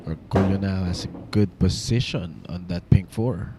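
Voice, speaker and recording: A man's voice: sits low, moderate pace, noisy background. A man adding brief, admiring remarks as co-commentator on a live billiards match. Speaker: color commentator.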